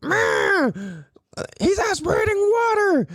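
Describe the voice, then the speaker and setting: A man's voice: extremely high pitch, big pitch swings, takes it slowly, a bit bright, dry recording, clean studio sound, pitched above the performer's own voice, full character voice. A man voicing an insistent old woman nurse who shrieks and repeats herself. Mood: insistent shrill.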